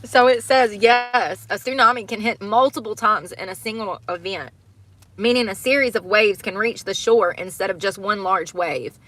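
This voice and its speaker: A woman's voice: medium pitch, moderate pace, a bit bright. A young adult woman hosting a casual livestream, reading news aloud and reacting with exclamations and nervous laughter. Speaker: livestream host.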